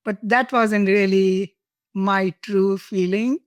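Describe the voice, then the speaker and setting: A woman's voice: medium pitch, steady tone, slow pace, smooth, no room sound. Older lady from india telling her love story, laughs a lot, dry close sound. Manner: warm, laughing, emotional storytelling. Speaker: guest. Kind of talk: personal storytelling interview.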